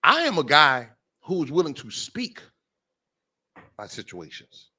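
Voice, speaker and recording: Male talk host, emphatic and repetitive, higher-pitched than most men, very expressive. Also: moderate pace, slightly rough. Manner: emphatic, repeats phrases for stress. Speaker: podcast host. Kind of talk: impassioned monologue.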